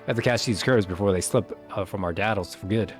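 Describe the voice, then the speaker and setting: A man voicing a gruff, cocky male pirate guild leader who talks in thick thieves' slang while reading a game quest aloud. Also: fairly low pitch, quick pace, faint music behind, close to an everyday voice. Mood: urgent.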